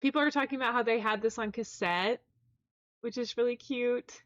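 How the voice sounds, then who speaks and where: A woman's voice: on the high side, normal speed, a bit bright, dry recording, highs cut off. A woman live-streaming and chatting casually with her chat, reading messages aloud and stumbling over hard names.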